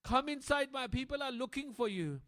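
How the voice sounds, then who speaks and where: Brief: preacher putting on a weeping woman, raised and high. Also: lively intonation, normal speed, a bit bright. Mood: tearful. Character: frightened older woman, tearful and devout.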